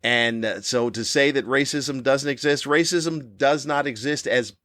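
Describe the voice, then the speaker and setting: A man in his fifties hosting a podcast, delivering a cranky comedic monologue with animated, ranting jabs. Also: a little slow, no echo, studio quality. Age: 50s. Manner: animated, ranting, with sudden high-pitched jabs. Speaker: podcast host.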